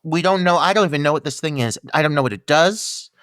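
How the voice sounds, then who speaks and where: Man, podcast co-host, slightly high voice, dry close sound, animated profane ranting. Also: fast, no room sound. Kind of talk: casual film-review chat.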